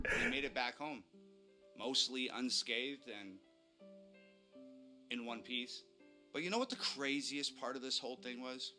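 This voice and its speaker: A man's voice: mid-range voice, normal speed, long pauses, bright, forceful tone, soft background music. A man telling a dramatic first-person ghost story, building tension as he goes. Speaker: storyteller recounting a ghost encounter.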